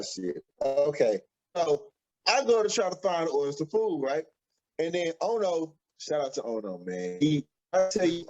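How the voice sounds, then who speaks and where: A man, co-hosting a podcast and telling an animated story, acting out the quotes excitedly. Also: fairly high pitch. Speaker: podcast co-host. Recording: dull lo-fi audio.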